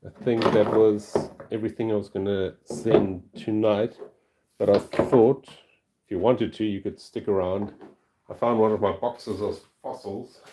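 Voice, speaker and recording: A man's voice: fairly low pitch, steady tone, unhurried, background noise. A man from South Africa with a South African accent, chatting casually on a livestream as he packs fossils, easily delighted and laughing often. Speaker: fossil collector and channel host. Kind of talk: casual livestream chat while packing.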